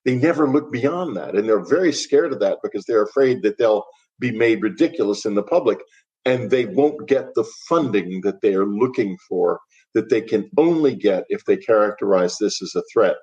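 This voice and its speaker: Older guy on a podcast, low voice, blunt and dismissive, laughs things off. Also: animated, normal speed, a little mellow, highs cut off. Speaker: author and guest. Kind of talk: podcast interview.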